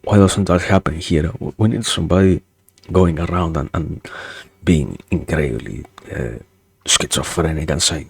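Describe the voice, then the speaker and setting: A man streaming casual chat, halting and repeating his words, with dry jokes. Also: rumbling low, gravelly, slightly rough, dry recording. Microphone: streaming mic.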